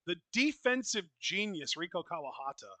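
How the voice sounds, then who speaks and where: A man co-hosting a live wrestling reaction stream, reacting quickly and excitably. His voice is bright and pressed, a little high for a man, and the recording is close and completely dry. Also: no room sound. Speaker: co-host of a wrestling reaction show. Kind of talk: casual live commentary chat.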